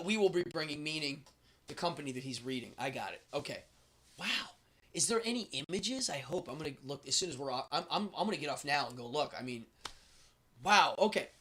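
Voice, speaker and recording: Middle-aged male streamer, excitable and chatty, bright ringing tone. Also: on the high side. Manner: enthusiastic, rambling, reads chat aloud. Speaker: host. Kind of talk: casual live-stream chat.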